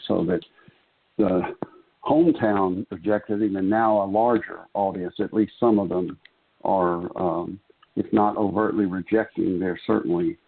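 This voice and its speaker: A man hosting a lectionary call-in discussion, measured and pausing as he frames questions. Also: deep voice, vocal fry, husky. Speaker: host of a lectionary call-in podcast. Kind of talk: moderating a Bible study discussion. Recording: tinny phone line.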